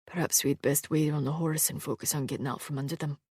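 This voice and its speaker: A woman voicing an immortal male swordsman who speaks in a low, quiet, dryly amused undertone. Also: fairly even intonation, fast, breathy edge, no room sound, studio quality. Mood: hushed. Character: gruff immortal male swordsman, dry wit.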